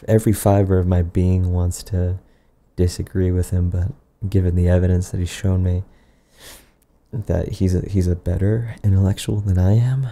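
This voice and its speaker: A man delivering an improvised, absurd comedy monologue in a rambling, deadpan way, often trailing off and restarting. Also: low voice, gravelly.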